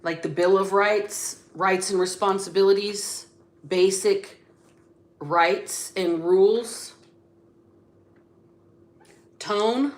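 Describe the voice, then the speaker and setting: A woman giving a casual tarot reading in a slow, unhurried delivery. Her voice sits in a middle range, and she talks bluntly, with sudden emphatic bursts. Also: medium pitch. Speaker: psychic tarot reader.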